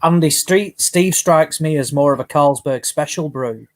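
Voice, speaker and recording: A man's voice: fairly high pitch, normal speed. A man joining casual live-stream banter and ribbing the others. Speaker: guest panelist.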